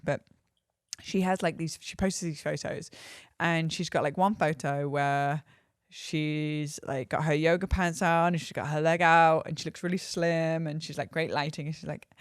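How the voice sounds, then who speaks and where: A woman's voice: fairly low pitch, no room sound. Chatty woman podcaster, dry close sound. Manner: chatty, animated storytelling with many fillers and laughs. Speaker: podcast host. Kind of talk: casual solo podcast monologue.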